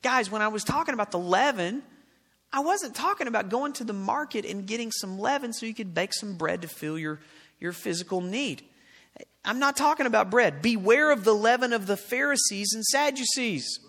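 A man's voice: sits high, expressive, moderate pace, a bit bright. A male pastor preaching a sermon to his congregation, reading scripture aloud and putting questions to the listeners. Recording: long reverb of a large hall.

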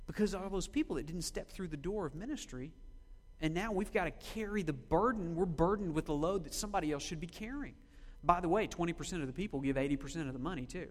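A man preaching a sermon as a pastor, asking the congregation questions and slowing down to read scripture aloud. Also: a little high, long reverb tail. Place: church sanctuary.

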